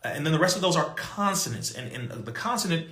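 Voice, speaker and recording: A man with a fairly high, bright voice tells a story in an emphatic, animated monologue. His pitch swings widely as he mimics other people. The sound is roomy and echoey. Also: fast. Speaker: podcast guest.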